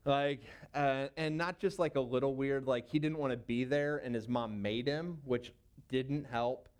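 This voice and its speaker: A man's voice: mid-range voice, fairly even intonation, unhurried, smooth. A man in his thirties, a youth pastor, telling a personal story in a casual, rambling way with many fillers.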